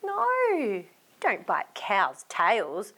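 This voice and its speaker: Slow, sing-song woman reading to children. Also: mid-range voice, breathy edge. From Australia. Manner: animated, asks children to join in. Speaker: children's storyteller.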